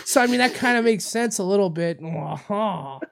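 A man's voice: sits high, expressive, normal speed, creaky, fairly bright tone, clean tone. A man from Canada co-hosting a podcast, telling crude stories in a rambling way and laughing at his own jokes. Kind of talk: crude comedic podcast banter.

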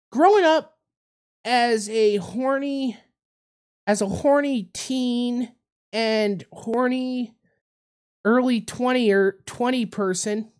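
A man's voice: sits high, clear, resonant tone. A man from Canada co-hosting a podcast, telling crude stories in a rambling way and laughing at his own jokes. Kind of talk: crude comedic podcast banter.

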